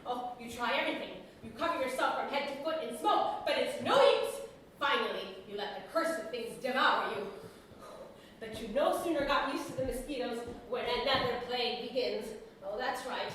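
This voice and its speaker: A woman's voice: on the high side, expressive, moderate pace, a little hiss or hum. A woman playing a harried, ranting husband. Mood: frantic ranting. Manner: theatrical ranting monologue, swinging loud and soft. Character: harried overworked husband, a middle-aged man. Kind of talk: stage comedy acting. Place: theatre stage. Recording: echoey stage recording from far off.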